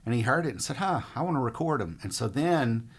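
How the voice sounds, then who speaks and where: A middle-aged man from Mississippi, telling stories in a rambling, relaxed way as a musician guest in an interview. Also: medium pitch, fast, slightly rough. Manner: relaxed, rambling, frequent fillers. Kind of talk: casual interview storytelling.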